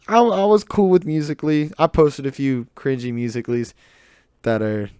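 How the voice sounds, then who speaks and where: Southern teen dude rambling on his podcast, warm low-key voice, keeps laughing at himself. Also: normal speed, smooth, dry recording, studio quality. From southern United States. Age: teens. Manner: rambling, self-mocking, laughs often. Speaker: podcast host. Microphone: desk mic, close.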